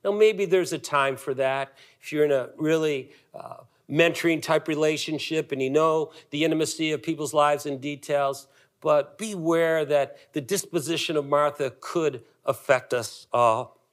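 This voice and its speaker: Emphatic middle-aged male pastor preaching. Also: a little high. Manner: emphatic preaching, dramatic pauses and repetitions. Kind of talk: sermon.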